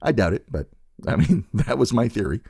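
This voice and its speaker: A man's voice: medium pitch, big pitch swings, a little fast, vocal fry, warm tone, breathy edge, dry recording, studio quality. A man co-hosting a casual podcast, playful and theatrical, swearing casually as he spins ideas. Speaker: podcast co-host.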